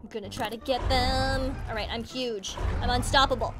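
A young woman giving excited, bubbly commentary while playing a game, gasping and squealing often. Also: fairly high pitch, normal speed, few pauses. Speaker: gaming channel host. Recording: game music playing behind.

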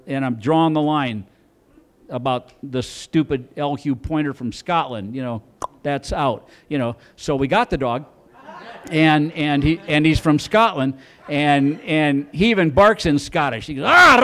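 Middle-aged male stand-up, rambling and stammering, slightly high-pitched, live club set. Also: unhurried. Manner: rambling, stammering delivery with many restarts. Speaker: stand-up comedian. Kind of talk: stand-up storytelling. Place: comedy club stage.

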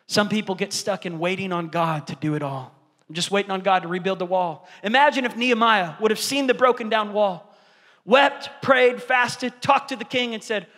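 A man's voice: high voice, moderate pace, fairly bright tone, in a large hall. A male pastor preaching a sermon, emphatic and exhorting as he drives his points home. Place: large church.

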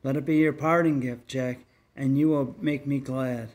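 A man voicing a gentle bedridden crippled boy who speaks earnestly and pleadingly. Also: medium pitch, steady tone, normal speed, lightly acted.

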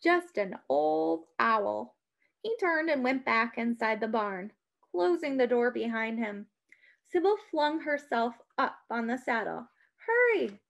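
A woman reading a children's story aloud with an expressive, dramatic delivery. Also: a little high, a little slow.

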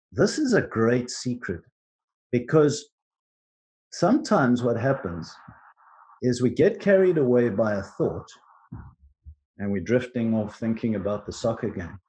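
A man teaching on contemplative prayer in a gentle, earnest way, with frequent restarts. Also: medium pitch, very animated, measured pace, long pauses. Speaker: Christian teacher.

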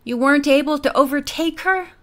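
A woman voicing a sharp, curious teenage girl detective who thinks aloud in earnest. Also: high voice, fairly quick.

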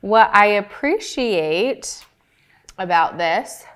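A woman's voice: mid-range voice, animated, drawn-out words, a bit bright. A young adult woman who makes ice cream, chatting casually through a review and talking with her mouth full. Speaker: ice cream maker reviewing store-bought ice cream. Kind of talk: casual product review vlog.

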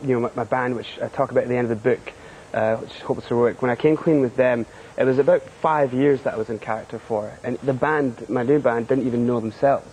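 Scottish man, halting TV interview guest. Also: medium pitch, fairly even intonation, a little mellow, a little hiss or hum, rough recording. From Scotland. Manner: hesitant, many fillers and quick laughs. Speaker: guest author. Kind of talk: studio TV interview. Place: TV studio.

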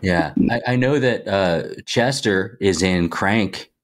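Guy w a low voice on a movie podcast, lots of uh and starting over. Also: takes it slowly, noisy background. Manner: hesitant, lots of uh and restarts. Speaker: podcast co-host. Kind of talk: casual movie chat.

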